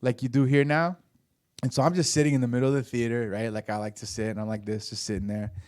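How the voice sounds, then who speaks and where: A man in his forties chats casually as a podcast co-host, drifting through a long personal story with plenty of fillers and restarts. His voice sits at an ordinary pitch. The sound is close and dry, with no room around it. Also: steady tone, fast talker, darkish tone, dry recording. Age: 40s. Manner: rambling storyteller with lots of fillers. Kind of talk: casual chat.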